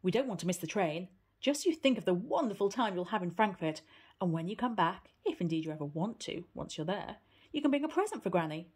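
A woman voicing an impatient aunt in a storybook reading, speaking firmly and briskly, sometimes coaxing. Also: medium pitch, very animated, a little mellow, slightly rough. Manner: snappy, firm and coaxing. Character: brisk, impatient aunt hurrying a child along.

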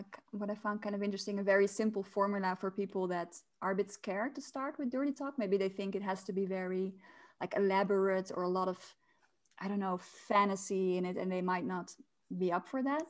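A woman hosting a casual chat and giving tips, chatty and quick to laugh, with many restarts. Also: mid-range voice, fairly even intonation. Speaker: host.

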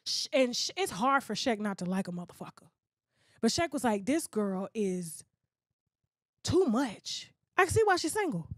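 Woman, high voice, blunt profane rant, mocking mimicry, dry sound. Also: very animated, moderate pace, no echo. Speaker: gossip blogger. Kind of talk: ranting monologue.

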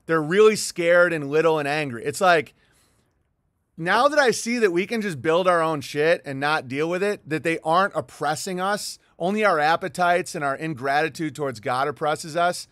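A man's voice: on the high side, normal speed, a bit bright, no echo, studio quality. A middle-aged man hosting a livestream, talking in a heated, profane, rambling monologue with frequent restarts. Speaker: livestream host. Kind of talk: rambling livestream monologue reading viewer chats.

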